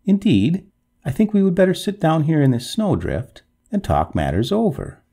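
A man playing a courteously cruel gentleman. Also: a little high, wildly swooping pitch, normal speed, breathy edge, voice pushed up, full character voice. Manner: polite, firm, dryly mocking. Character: courteous, coolly triumphant gentleman heir. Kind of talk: storybook reading.

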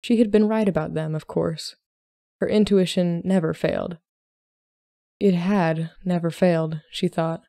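A woman podcast host narrating a short story with a measured, gentle reading. Her voice is low and mellow, recorded close and dry. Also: steady tone, gravelly, no echo.

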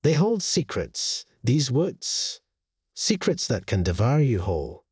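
A man voicing a sly old woman of the woods with a croaking, cackling voice and an ominous, secretive manner. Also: medium pitch, big pitch swings, takes it slowly, darkish tone, no echo, studio quality, full character voice.

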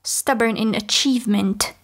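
A woman's voice: a little high, normal speed, lightly acted. A woman voicing a proud, wrathful goddess who speaks in a cold, imperious, biting way.

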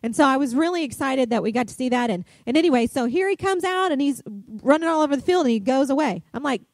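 A middle-aged woman pastor, preaching a sermon and telling a chatty, animated story full of fillers. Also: sits high, fast talker, no echo.

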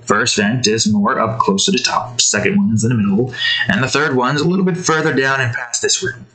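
A young man casually narrating a dice-driven escape story while drawing, rambling with fillers and sudden jumps up in pitch. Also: brisk, bright, forceful tone, rough recording.

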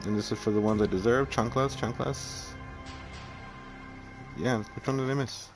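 A man's voice: fairly low pitch, quick pace, music in the background. A man live-streaming a game, chatting casually with viewers, swearing freely and talking to himself as he plays. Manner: chatty, profane, talks to chat while playing. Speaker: streamer playing a game and reading chat.

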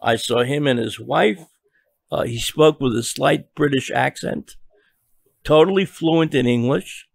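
Older man recalling a story, gravelly voice. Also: mid-range voice, no echo, studio quality. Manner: halting, many restarts and repeated words. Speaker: interview guest, journalist. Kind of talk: storytelling in a podcast interview.

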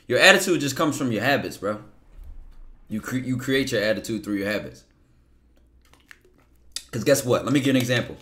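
A man in casual motivational talk, blunt, profane and slangy, acting out his inner voice in quick asides. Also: mid-range voice, fairly bright tone. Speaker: podcast guest.

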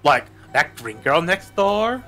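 A man's voice: fairly high pitch, very animated, slow pace, a bit bright, faint music behind, exaggerated voice. A man voicing a catty, gossipy valley-girl young woman in a game, full of "like". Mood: gushing. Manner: bubbly, lots of "like".

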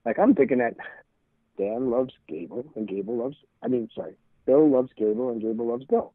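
A man in his 60s, a guest on a podcast, tells stories in a casual interview, rambling and restarting phrases as he acts out old conversations. His medium-pitched voice is very animated at a normal speed. The line sounds tinny and phone-like, dry with no room sound.

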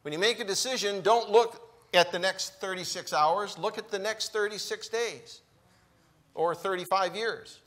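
A man preaching a sermon in a church, slow and emphatic, with deliberate pauses between phrases. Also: sits high, a bit bright. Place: church sanctuary.

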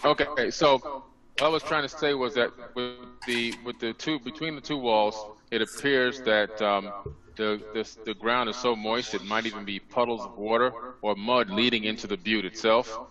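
A man's voice: mid-range voice, steady tone, moderate pace, muffled recording, music in the background. A man on a video call, talking enthusiastically as a conference panelist, often restarting his sentences. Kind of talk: casual video call discussion.

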